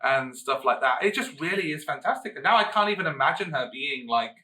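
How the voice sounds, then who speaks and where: Guy co-hosting a chat show, bright voice, animated, jumps into silly high voices, sits back from the mic. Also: a little fast, distant mic. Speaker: co-host. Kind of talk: casual chat.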